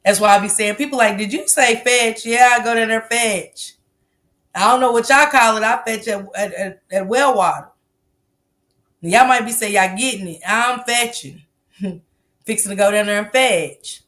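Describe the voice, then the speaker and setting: A woman hosts a live stream, chatting loosely with her viewers. She talks in a relaxed, easygoing way, swears freely and laughs often. Her voice sits at a middle pitch. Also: normal speed. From American South. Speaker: livestream host. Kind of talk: casual live-stream chat reading comments.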